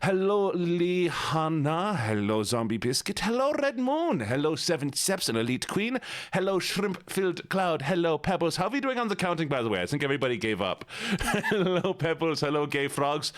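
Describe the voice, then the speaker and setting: A man's voice: fairly high pitch, sing-song, normal speed. A man streaming live, casually chatting and playfully greeting his viewers one by one. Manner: chatty and joking. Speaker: livestreamer. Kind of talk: casual livestream chat.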